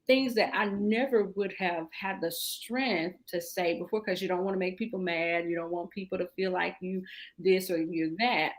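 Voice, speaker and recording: A woman's voice: on the low side, steady tone, normal speed, rough recording. A woman in her forties, a guest in a casual interview, talking candidly and laughing often. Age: 40s. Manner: candid, laughs often, repeats "really and truly".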